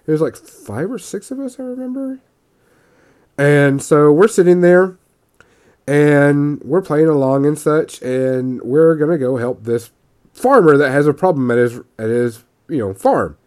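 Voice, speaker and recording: A man's voice: fairly high pitch, animated, a little slow, darkish tone. A man casually telling a tabletop gaming story, rambling with frequent restarts and quoted voices.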